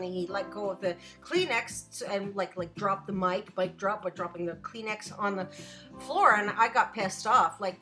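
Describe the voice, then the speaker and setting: Speaking at a medium pitch, a woman who is an adult student goes on a casual, animated rant during a live stream. She curses freely and breaks off to reply to people in her chat.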